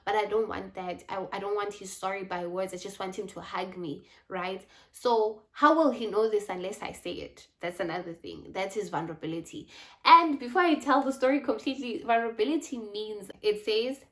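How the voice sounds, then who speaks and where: A woman talks straight to her viewers, mid-pitched and candid. She tells her story in a reflective, unhurried way, with lively retold asides. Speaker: faith and lifestyle vlogger. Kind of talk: personal storytelling talk.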